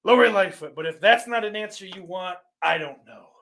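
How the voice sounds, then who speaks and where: A man's voice: high voice, normal speed, creaky, a bit bright. A man hosting a podcast, reading out listener questions in a rambling, profane and sardonic way. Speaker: podcast host.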